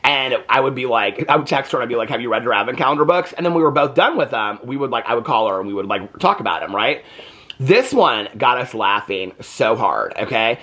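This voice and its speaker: A man's voice: medium pitch, fairly bright tone. An American man reviewing books in a casual, chatty way, often breaking into laughter. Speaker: book reviewer. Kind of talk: casual chat.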